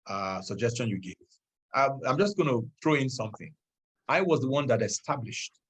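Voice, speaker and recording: Nigerian candidate on a video call, husky, earnest and measured. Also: male voice, mid-range voice. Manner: earnest, measured, openly moved. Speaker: political candidate. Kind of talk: answering questions on a video call.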